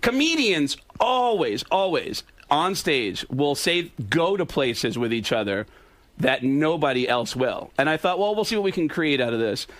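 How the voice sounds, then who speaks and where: A comedian guest who tells stories in an animated way and acts out what others said. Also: male voice, on the high side, unhurried. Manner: animated storyteller, acts out quotes.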